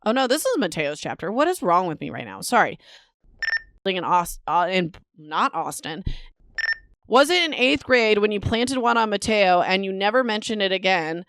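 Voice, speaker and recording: A bubbly woman hosts a casual book podcast into a home microphone, with a smooth and clear voice. She laughs at herself and trips over words as she reads. The sound is close and dry, with no room echo. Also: medium pitch, big pitch swings, moderate pace, fairly bright tone. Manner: bubbly and self-mocking, stumbles over words while reading. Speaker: podcast host.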